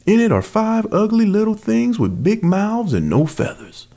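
A man's voice: high voice, huge pitch swings, normal speed, gravelly, dark tone, pitched above the performer's own voice, full character voice. A man voicing a curious male bear in a storybook read-aloud, lifting his voice. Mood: scornful.

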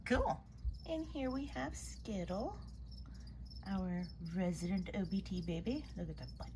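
A woman hosting a casual pet vlog, chatty and full of trailing fillers. Her pitch swings up and down a lot as she gushes over her spiders. Her voice sits at an ordinary middle height. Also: expressive, measured pace, very noisy. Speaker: tarantula keeper vlogger.

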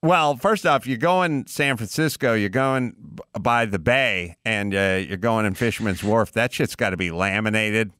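A man's voice: lowish voice, fairly bright tone, no room sound, clean studio sound. A man hosting a podcast, riffing and swearing through casual comedic banter. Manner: riffing, swearing, quick jokes. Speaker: podcast host.

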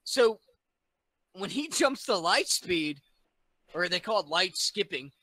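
A man's voice: sits high, sing-song, takes it slowly, sharp tone, no room sound, low-quality recording. Rambling, profane tipsy man. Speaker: podcast guest. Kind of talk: casual chat, retelling a movie plot.

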